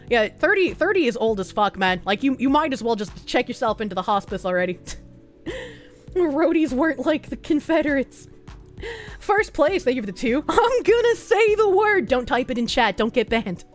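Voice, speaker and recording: A woman streamer chatting casually and crudely, sarcastic and quick to laugh. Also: high-pitched, sing-song, faint music behind. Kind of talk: casual livestream chat.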